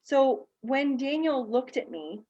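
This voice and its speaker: Speaking slowly in a high, expressive, mellow voice, a woman tells her personal story candidly during a panel talk, acting out the people in it. She is a guest speaker and teacher appearing on a video call, and the recording sounds muffled.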